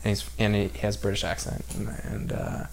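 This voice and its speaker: In casual podcast talk, this San Diego, California man rambles in long runs packed with fillers and restarts. He speaks briskly in a fairly low, creaky voice with little pitch movement.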